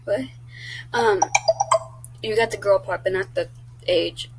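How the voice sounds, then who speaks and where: A woman's voice: medium pitch, steady tone, unhurried, a little hiss or hum, rough recording. A teenage girl chatting casually on her own vlog, blunt and talkative, swearing often. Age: teens. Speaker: YouTuber.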